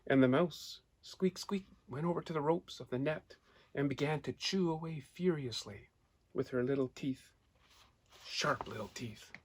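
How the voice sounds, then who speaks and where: Male storyteller reading to children, lively, draws listeners in with questions and pictures. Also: a little high, normal speed. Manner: animated, asks listeners questions; points out pictures while telling.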